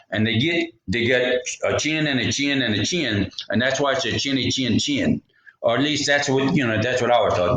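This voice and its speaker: A man's voice: mid-range voice, a bit bright, a little hiss or hum. A man telling a folksy story, rambling into jokey asides. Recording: roomy echo.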